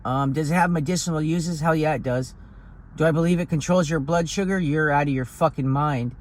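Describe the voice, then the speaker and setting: A man's voice: fairly high pitch, brisk. A man talking in a blunt, profane, rambling way in a casual vlog, recorded outdoors on a hill. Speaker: vlogger.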